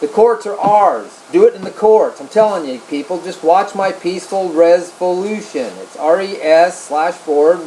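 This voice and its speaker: A man's voice: high voice, normal speed, few pauses, mellow, slight background noise, rough recording. A man ranting angrily and profanely to camera, repeating himself as he urges people on. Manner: angry, profane, repetitive. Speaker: video blogger. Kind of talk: profane political rant to camera.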